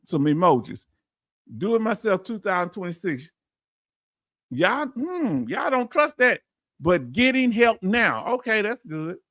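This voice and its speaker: Middle-aged Southern host, high tenor, dry close sound, folksy and preachy on a live chat stream. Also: male voice, very animated, measured pace, a bit bright, no echo. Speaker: veterans benefits channel host. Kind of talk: livestream reading viewer comments.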